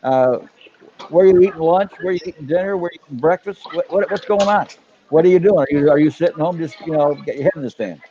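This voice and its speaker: A man's voice: a little high, fast. An older man co-hosting a casual live chat as a business coach, rambling and searching for words. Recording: dull lo-fi live stream audio.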